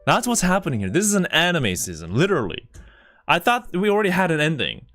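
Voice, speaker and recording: A man talks through a live stream reaction with a lively, swinging pitch. He stammers and repeats himself as the feelings catch up with him. The mic is close and the sound is dry. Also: quick pace, no echo. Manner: emotional, stammering, repeats words.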